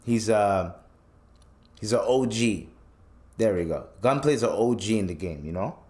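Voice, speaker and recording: Animated man ranting on a podcast. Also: on the low side, a little slow. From Canada. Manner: animated storytelling, acts out quotes, swears freely. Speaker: podcast host. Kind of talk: casual commentary rant.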